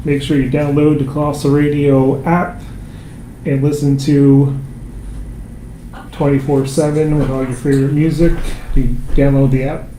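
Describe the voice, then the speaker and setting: A man hosting a local radio show, relaxed, reading listener comments and plugging upcoming shows. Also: on the high side, moderate pace, long pauses. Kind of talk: casual radio chat and announcements. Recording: echoey room, faint noise.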